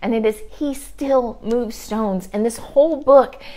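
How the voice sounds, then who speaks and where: A woman with a fairly high voice delivers a heartfelt devotional teaching over a livestream. She speaks earnestly and leans on repeated phrases for emphasis. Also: a little slow, mellow. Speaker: ministry leader. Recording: livestream video.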